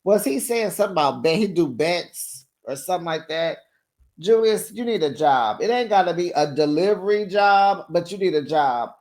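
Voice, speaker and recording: A sassy host recapping a reality show in a breezy, gossipy way, calling viewers honey and girl. The voice sits in a middle register and the talk stays lively and opinionated throughout. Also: mid-range voice, moderate pace. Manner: talks in a breezy, chatty way. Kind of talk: casual gossipy TV recap commentary.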